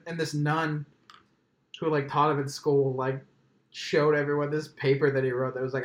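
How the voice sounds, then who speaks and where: A man hosting a loose, profane podcast chat, rambling through his stories with constant filler words. His voice sits a little higher than most men's. The room around him is echoey. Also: level tone, a little fast. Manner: profane, joking, rambling with many "like"s. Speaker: podcast host.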